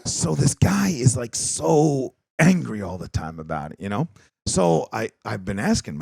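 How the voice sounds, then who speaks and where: A man hosting a podcast, telling a story in a profane, animated way and acting out both sides of the quoted conversations. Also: medium pitch, normal speed, vocal fry, dry recording. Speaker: podcast host. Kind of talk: casual chat.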